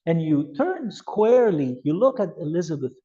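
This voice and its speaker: Male lecturer, mellow and slightly high voice, lively classroom delivery, muffled lo-fi sound. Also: moderate pace. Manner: animated, acts out scenarios with voice changes. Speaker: youth ministry instructor. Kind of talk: classroom lecture with role-play examples.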